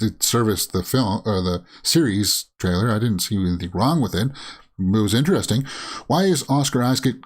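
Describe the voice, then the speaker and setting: A man hosting a casual movie news show, rambling through reactions with many fillers and frequent chuckles. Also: sits low. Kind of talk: casual commentary while browsing and reading tweets.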